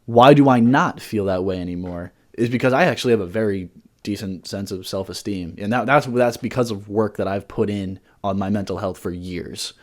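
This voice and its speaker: A young man talks casually on a podcast. His voice sits on the low side. He rambles, restarts his sentences and swears freely as he works through his thoughts. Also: moderate pace. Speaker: podcast co-host.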